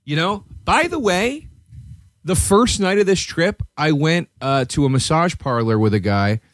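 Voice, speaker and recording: A man hosting a podcast, telling a rambling, profane story in a casual chat and jumping to a high, excited voice at times. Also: unhurried, no room sound, studio quality. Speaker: podcast host.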